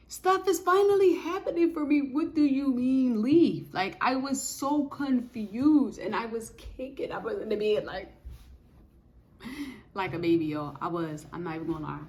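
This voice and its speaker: A woman giving a casual spoken testimony of faith, telling her story in an animated, emphatic way with lots of repetition. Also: mid-range voice.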